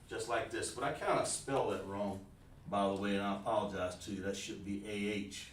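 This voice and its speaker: Standing at a board, a man teaches an informal language class over a live stream and addresses viewers by name. He talks briskly in a fairly low voice, picked up by a far-off mic that makes the room sound spacious.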